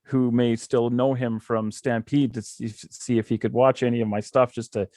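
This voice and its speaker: A man's voice: mid-range voice, flat delivery, normal speed, warm tone, no echo, clean studio sound. A middle-aged man who works as a wrestling commentator, talking earnestly and with firm opinions as a podcast guest. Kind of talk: casual podcast chat.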